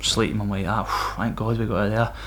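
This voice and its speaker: A former Royal Marine from Scotland tells stories on a podcast, talking fast in a low-leaning voice. His chat is casual and animated, full of swearing, and he breaks off mid-story to laugh.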